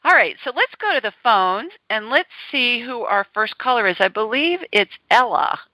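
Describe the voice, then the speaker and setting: A woman's voice: fairly high pitch, expressive, normal speed, sharp tone, no room sound, rough recording. A middle-aged woman, hosting a podcast in a chatty, upbeat way. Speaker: host. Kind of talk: casual chat.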